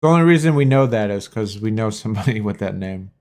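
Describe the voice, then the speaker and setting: A man's voice: fairly low pitch, lively intonation, fast talker, darkish tone. A man hosting a mobile-game livestream, chatting in a rambling way and arguing back at his chat, with some casual swearing. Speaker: livestream gaming host.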